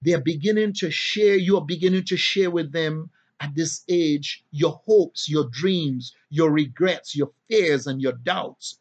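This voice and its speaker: A man preaching a sermon in a rhythmic style, building to emphatic, drawn-out peaks. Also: a little high, muffled recording.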